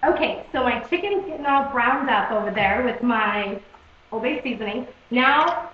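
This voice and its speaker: A woman's voice: fairly high pitch, normal speed. A young adult woman hosting a casual home cooking demonstration in her kitchen, chatty and friendly, saying "okay?" and "guys" a lot. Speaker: cooking video host. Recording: echoey, dull home video recording.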